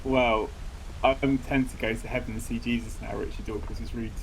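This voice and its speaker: A man chatting casually while playing a game, his sentences wandering and full of fillers. His voice sits at an ordinary middle pitch, with a faint hiss of noise underneath. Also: steady tone. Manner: rambling, halting, lots of fillers. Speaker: co-host of a game playthrough. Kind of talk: casual chat over gameplay.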